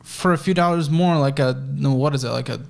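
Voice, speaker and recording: A man's voice: medium pitch, gravelly. A man hosting a chat show, going over a guest's bank statements in a blunt, teasing way. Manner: blunt, teasing, quick with numbers. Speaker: host reviewing a guest's finances.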